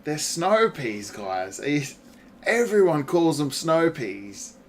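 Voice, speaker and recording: Slow-talking, swearing gaming streamer man. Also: fairly high pitch, sing-song, a little hiss or hum. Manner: swears freely, laughs often, talks back to chat. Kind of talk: casual gaming livestream chat.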